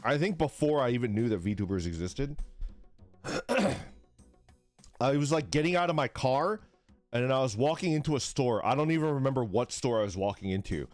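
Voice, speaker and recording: Young male streamer, casual rambling chat, animated pitch, faint background music. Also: normal speed, no echo. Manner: rambling, laughing, swearing, acts out voices in a high yell.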